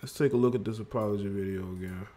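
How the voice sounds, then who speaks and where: A man's voice: fairly low pitch, fairly even intonation, fast talker, warm tone. A man hosting a livestream, commenting on a played clip in a mocking tone. He laughs and repeats words for effect. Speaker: livestream host.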